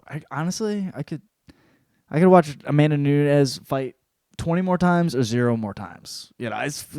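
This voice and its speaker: A man's voice: mid-range voice, a little mellow, no echo. Profane, rambling young man, dry sound. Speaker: podcast host. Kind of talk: casual solo sports recap.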